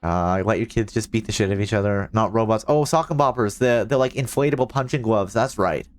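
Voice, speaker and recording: Low-voiced joking man streaming a game. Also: a little fast, slight background noise. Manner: joking, reads documents aloud. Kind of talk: casual gameplay commentary.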